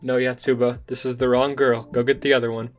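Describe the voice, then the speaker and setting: A man voicing a tall, goofy young man in a manga recap, with a flat, curt delivery. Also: medium pitch, brisk, soft background music, natural voice. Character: giant goofy young man, gruff and blunt.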